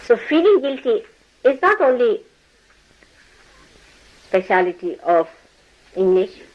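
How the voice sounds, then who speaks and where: Animated woman chiding with laughter. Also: on the high side, takes it slowly, muffled recording. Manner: animated, chiding, laughs often, mimics people. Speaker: spiritual teacher. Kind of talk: lecture to followers. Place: indoor ashram gathering.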